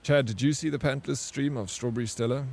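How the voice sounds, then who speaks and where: A man's voice: medium pitch, steady tone, brisk, gravelly, darkish tone. A man streaming a game who reads out viewer messages and answers them in playful, teasing banter. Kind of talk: livestream chat with viewers.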